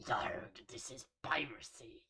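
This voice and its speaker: A man voicing a rowdy young male pirate who growls and shouts his demands. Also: a little high, expressive, moderate pace, pitched above the performer's own voice, exaggerated voice. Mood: blustering.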